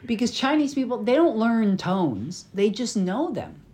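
A woman's voice: a little high, very animated, takes it slowly, dark tone, slight background noise. A woman hosting a casual podcast, chatty and laughing, explaining with playful examples. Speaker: podcast host. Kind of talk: casual chat.

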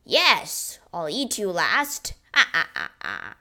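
A woman voicing a huge, cruel one-eyed male giant with a booming, gloating manner in a storybook reading. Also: lively intonation, slow pace, a bit bright.

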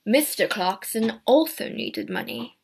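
A woman voicing a calm male police inspector who questions suspects in a measured, steady way. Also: mid-range voice, creaky, breathy edge, exaggerated voice. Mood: accusing.

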